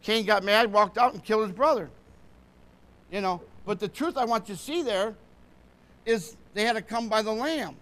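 High-voiced, fervent male preacher. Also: moderate pace, long pauses, fairly bright tone. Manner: fervent, often asks the congregation to follow along. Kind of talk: sermon.

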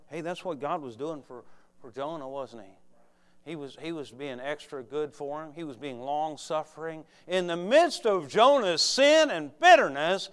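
A fervent male preacher whose high voice rings clear and smooth. He preaches to his congregation, moving between hushed asides and loud, urgent exhortation. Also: normal speed. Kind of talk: sermon.

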